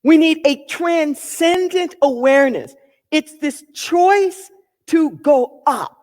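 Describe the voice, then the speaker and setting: A woman's voice: high voice, expressive, slow pace, darkish tone, big-room sound. A woman minister giving a sermon, emphatic and repeating key phrases for weight.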